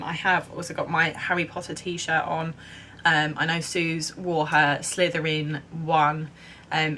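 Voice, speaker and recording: A woman's voice: low-pitched, pushed and bright, a little hiss or hum. A young woman in her twenties from England chatting casually to camera, rambling with lots of "um" and "like". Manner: chatty, rambling, many ums and likes. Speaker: vlogger.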